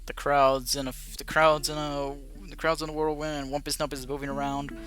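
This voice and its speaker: Bright-voiced man running a tabletop game. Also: a little high, level tone, fairly quick, soft background music. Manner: casual, swearing, rambling narration. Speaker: game master.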